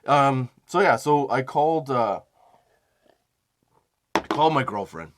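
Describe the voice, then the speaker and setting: Against a noisy background, a young man with a medium-pitched voice slowly spins a rambling, profane personal tale on his comedy podcast. He often laughs at himself and quotes phone calls with lots of animation.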